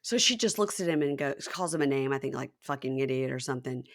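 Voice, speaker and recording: A woman's voice: sits low, fast. A woman hosting a podcast, recapping a reality show in casual chat and acting out what the people said. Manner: animated, mimics people in quotes.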